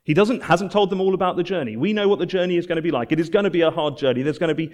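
A man preaching a sermon, earnest and emphatic, repeating phrases and dropping to soft, low endings. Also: racing.

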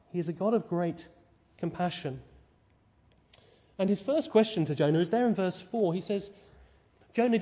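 A man's voice: on the high side, mellow. A man preaching a sermon, explaining scripture and often asking rhetorical tag questions. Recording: lo-fi recording with long hall reverb.

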